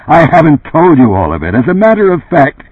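A man's voice: fairly high pitch, huge pitch swings, fairly quick, breathy edge, no echo, pitched above the performer's own voice, exaggerated voice. A man putting on a frantic, indignant boss. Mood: insistent. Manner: heated, pleading outbursts. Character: agitated, indignant middle-aged male boss. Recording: dry, tinny phone-like sound.

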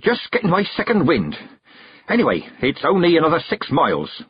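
A man reading aloud, voicing a stern, proud old woman witch with a husky, brisk and commanding manner. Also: mid-range voice, very animated, dry recording, voice pushed up. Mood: wheezing. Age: older. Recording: dull, dry close recording.

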